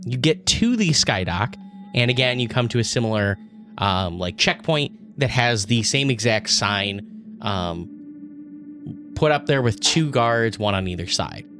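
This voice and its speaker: Relaxed man running a tabletop game. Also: medium pitch, measured pace, faint music behind. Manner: relaxed, rambling with fillers. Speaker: dungeon master.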